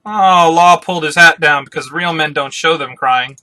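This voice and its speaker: Excitable man reacting live, bright voice. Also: fairly high pitch, normal speed. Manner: excitable, swears freely, summarizes aloud. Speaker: vlogger reacting to a comic.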